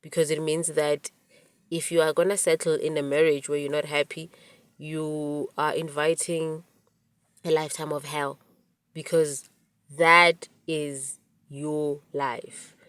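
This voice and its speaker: A woman in her forties hosting a podcast, telling a personal story in an animated way, with many restarts. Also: low-pitched, slow, clear, resonant tone, no room sound. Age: 40s. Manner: animated retelling with quoted dialogue, frequent restarts. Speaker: podcast host. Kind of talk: storytelling monologue.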